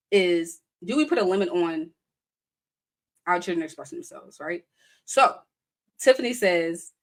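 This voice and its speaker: A young adult woman hosts a casual live-stream chat, speaking animatedly in a medium-pitched, fairly bright voice. She laughs often and reads viewer comments aloud.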